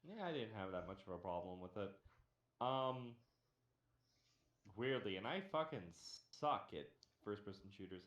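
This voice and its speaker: A man's voice: on the low side, animated, normal speed, pauses often, a bit bright, highs cut off. Ranting, sarcastic male stream host. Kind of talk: casual profane banter on a live stream. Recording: echoey room.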